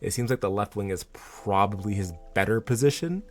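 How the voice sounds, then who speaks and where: A man hosting a football fan channel, talking casually and excitably with lots of fillers and restarts. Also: fairly low pitch, brisk, soft background music. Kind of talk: casual vlog commentary.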